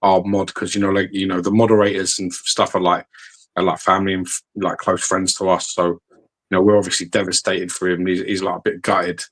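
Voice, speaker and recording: Blunt, swearing man, husky voice. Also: low-pitched, a little fast. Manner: blunt, heavy swearing, animated storytelling. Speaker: podcast co-host. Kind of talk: casual chat. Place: podcast studio.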